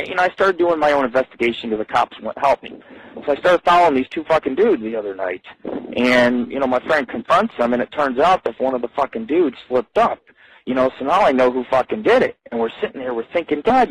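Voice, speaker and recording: A man hosting his own radio show from the street, talking in a profane, rambling monologue and jumping up in pitch when he gets worked up. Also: breathy edge, no echo, poor audio. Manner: profane, animated, voice jumps high when agitated. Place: outdoors on a street.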